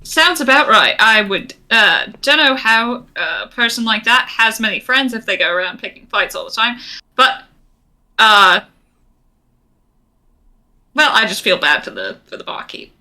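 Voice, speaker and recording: Very bright woman player, hesitant. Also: fairly high pitch, lively intonation, measured pace, long pauses, poor audio. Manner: hesitant, many fillers and restarts. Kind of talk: playing a tabletop game.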